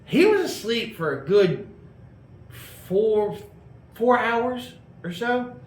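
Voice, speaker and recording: Guy rambling thru a story w/ lots of uh's, kinda high voice, echoey room, faint hum behind. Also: big pitch swings, takes it slowly. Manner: rambling, lots of fillers and restarts. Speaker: host telling a car story. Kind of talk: casual storytelling.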